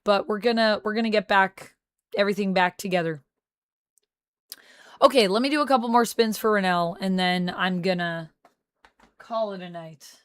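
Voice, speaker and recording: A woman hosts a relaxed livestream, chatting and answering her viewers one by one. Her voice sits in a middle register and comes across smooth and clear. The sound is dry and close, with no room echo. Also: medium pitch, moderate pace, pauses often. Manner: chatty, answers chat messages aloud. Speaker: streamer. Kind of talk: casual livestream chat. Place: home on a military base.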